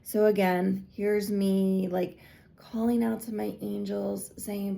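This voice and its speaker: A woman's voice: mid-range voice, little pitch movement, slow, creaky, dark tone. A woman, a spiritual guide, telling a personal story in an earnest, chatty way that is full of "like". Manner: chatty and earnest, heavy use of "like". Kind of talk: casual confessional storytelling.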